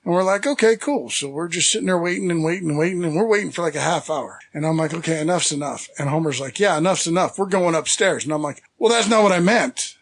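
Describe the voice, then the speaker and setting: A middle-aged man from the San Francisco Bay Area talks quickly with hardly any pauses in a voice on the high side. As a podcast guest in casual chat, he tells rambling, self-deprecating stories and acts out what people said.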